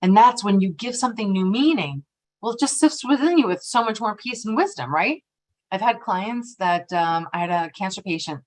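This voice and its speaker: A middle-aged woman presenting a workshop on energy tapping, lively and expressive, often checking in with "right?". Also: mid-range voice, moderate pace. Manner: lively and expressive, acting out quoted voices; frequently ends points with a questioning "right?". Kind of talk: workshop talk.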